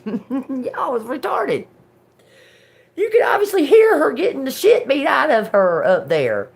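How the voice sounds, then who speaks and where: A woman hosting a tarot livestream, telling a story in a casual, animated way, swearing freely and laughing often. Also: a bass voice. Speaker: tarot reader livestream host.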